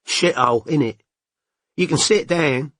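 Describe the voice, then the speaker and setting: A woman's voice: low voice, unhurried, no echo, studio quality, pitched above the performer's own voice. A male narrator voicing a brash, foul-mouthed young mother with a coarse, slangy way of talking. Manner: blunt, coarse, working-class slang.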